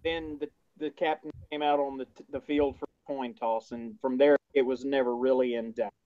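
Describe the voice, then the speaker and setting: A man's voice: mid-range voice, flat delivery, moderate pace, no echo, narrow, tinny audio. A man co-hosting a sports podcast, talking casually with frequent hesitations and fillers. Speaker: podcast co-host.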